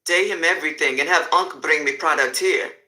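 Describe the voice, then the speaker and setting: A bossy male drug kingpin issues orders in clipped, commanding phrases, voiced by a man. His voice sits high with a hard, bright edge. He expects the money first and no arguments. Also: a little fast, reverberant. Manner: commanding, clipped pidgin grammar. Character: demanding male drug boss, brash and bossy.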